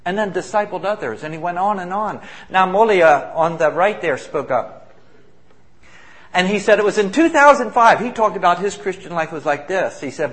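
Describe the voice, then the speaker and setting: A man, a missionary, telling stories of the people he works with in an animated, emphatic way, acting out the voices of those he quotes. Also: a little high, moderate pace. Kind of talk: spoken testimony storytelling.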